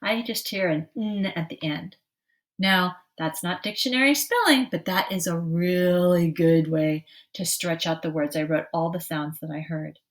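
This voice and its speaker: A woman teacher giving a slow, patient early-literacy lesson, stretching out word sounds clearly for young children. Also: on the low side.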